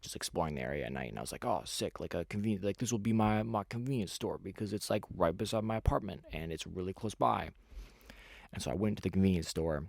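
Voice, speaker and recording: A man's voice: sits low, vocal fry, a little mellow, no echo, clean studio sound. A young man hosting a podcast, telling a rambling story in casual chat, full of fillers and restarts. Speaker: podcast host.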